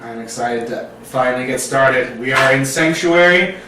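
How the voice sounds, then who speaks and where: A man's voice: mid-range voice, normal speed, noisy background. A man chatting as a player at a tabletop game, laughing often and restarting his sentences. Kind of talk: casual tabletop game chat. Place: home room, filmed on camera. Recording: echoey room from a distant mic.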